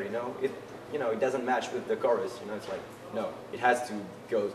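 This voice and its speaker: A young man with a French accent, a band vocalist chatting in a casual interview, halting and full of fillers and restarts. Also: on the low side, steady tone, recorded from a distance, a crowd in the background. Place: concert venue backstage. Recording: echoey, off-mic, loud music behind.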